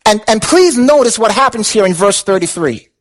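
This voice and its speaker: A man with a strikingly high-pitched voice delivers an impassioned sermon. He asks his listeners questions and repeats words to drive the point home. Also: expressive, normal speed, slight background noise, poor audio. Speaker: pastor.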